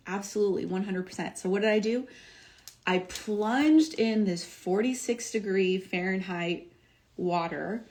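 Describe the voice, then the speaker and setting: A woman's voice: mid-range voice, normal speed, a little mellow. A young adult woman, a doctor and wellness coach, talking casually on a livestream, upbeat and emphatic with lots of "like" and "um". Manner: upbeat and emphatic, filler-heavy with frequent "like" and "um". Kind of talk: casual motivational talk on a livestream.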